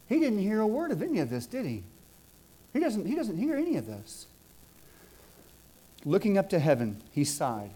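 A middle-aged man from Southwest Georgia preaching a sermon, building phrases up with emphasis and then dropping into soft asides. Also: fairly high pitch.

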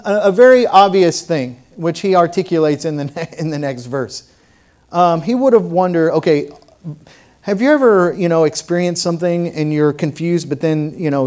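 A man preaching a sermon as pastor, asking the congregation rhetorical questions and swinging between loud passages and quiet ones. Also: fairly high pitch.

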